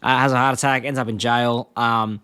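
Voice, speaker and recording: A man's voice: flat delivery, fairly quick, bright, forceful tone, clean tone. A young man co-hosting a podcast, retelling scenes in a rambling, casual way and breaking into quoted lines. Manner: rambling, acts out quoted lines with jumps in pitch and frequent laughs. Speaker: podcast co-host. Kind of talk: casual chat recapping episodes.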